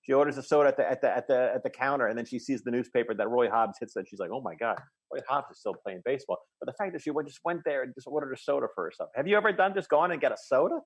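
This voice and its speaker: A man's voice: medium pitch, rapid-fire, hardly any pauses, husky. A man in his thirties, a podcast co-host, chatting casually and eagerly retelling scenes, with many restarts. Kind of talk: casual chat.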